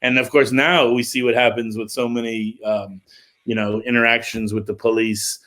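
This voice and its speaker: A middle-aged man, a music promoter, casually telling an animated story on a livestream call, with lots of filler words. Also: mid-range voice, normal speed.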